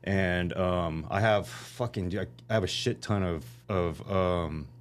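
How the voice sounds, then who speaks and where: Man from san jose, real low voice, rambly swear-heavy storytelling, faint hum behind him. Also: takes it slowly. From San Jose, California. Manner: profane, rambling storyteller with many fillers. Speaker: podcast guest. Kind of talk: casual podcast conversation.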